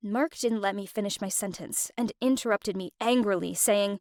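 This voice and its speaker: A woman narrating an animated first-person story in an emotive, expressive way. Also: mid-range voice, moderate pace, hardly any pauses, no room sound, studio quality. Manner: emotive, with wide swings of expression.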